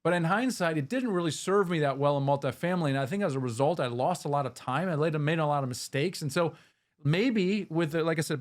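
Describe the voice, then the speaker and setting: A man hosting an interview, energetic and explaining at length in a conversational way. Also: on the high side. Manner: energetic, talks in long run-on explanations with restarts. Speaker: podcast host interviewing an investor.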